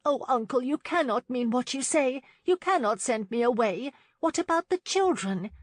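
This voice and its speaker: A woman's voice: animated, normal speed, dry recording, studio quality. A woman voicing a spirited young niece who cries out and pleads in an audiobook scene. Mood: distressed. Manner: high, pleading and sharp. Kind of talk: audiobook character reading.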